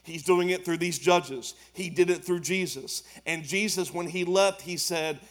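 A man preaches a sermon, his voice sitting high for a man. He talks in plain, colloquial phrases and builds his points with emphatic repetition. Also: measured pace. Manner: preaching with rising emphasis and Southern colloquial speech. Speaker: pastor.

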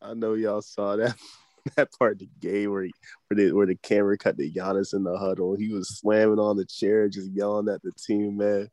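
A fairly low-pitched man chatting casually about basketball, slangy and quick to laugh. His voice is close and dry, with hardly any room sound. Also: flat delivery, mellow, no room sound. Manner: laughs often, playful, slangy. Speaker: podcast co-host.

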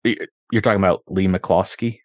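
A man co-hosting a podcast, chatting about a film in a relaxed way, laughing often and hesitating with fillers. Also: sits low, brisk, no echo, clean studio sound. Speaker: podcast co-host. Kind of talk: casual film-review chat.

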